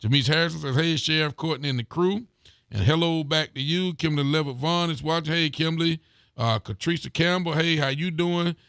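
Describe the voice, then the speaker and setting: A sheriff hosts a local live talk show, chatting casually, reading viewer comments, and greeting viewers by name. His voice is on the high side, brisk, smooth, and fairly bright, recorded in studio quality with no echo.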